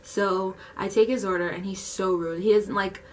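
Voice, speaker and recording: A woman's voice: mid-range voice, recorded from a distance, noisy background. A young woman animatedly telling a story in casual, slangy speech. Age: young adult. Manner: animated, slangy, fast retelling.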